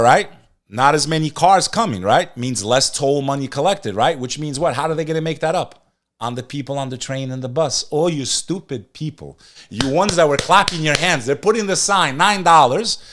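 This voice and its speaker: A man hosting a podcast, ranting in animated news commentary and talking straight to his live chat. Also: medium pitch. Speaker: podcast host.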